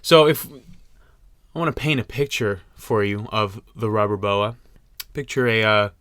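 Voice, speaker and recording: A man's voice: fairly low pitch, unhurried, a bit bright, clean tone, dry recording. A young man co-hosting a podcast in casual chat, joking and rambling with frequent laughs. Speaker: podcast co-host.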